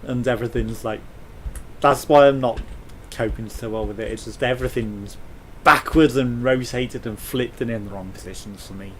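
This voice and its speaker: A man's voice: medium pitch, moderate pace, slight background noise. A British man commentating a space game, reading its text aloud with jokes and swearing. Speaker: let's play host.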